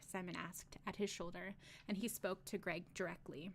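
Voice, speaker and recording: A woman reading a fantasy novel aloud on a live stream, steady in the narration and breaking off for joking asides. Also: lowish voice, normal speed, gravelly. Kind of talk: casual read-aloud with asides.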